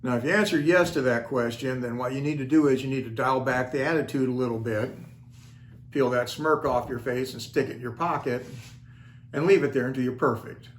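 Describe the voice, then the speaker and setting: An older man hosting his own channel tells a story in a wry, self-deprecating, folksy way for a casual storytelling vlog. His medium-pitched voice runs a little fast. There's a roomy echo, faint ambience, and a little hiss or hum.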